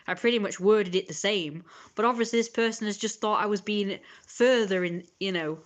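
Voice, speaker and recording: A woman's voice: mid-range voice, moderate pace. A woman streamer in a casual, rambling rant, sarcastic and indignant, often breaking off to cough or laugh. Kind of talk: casual ranting monologue.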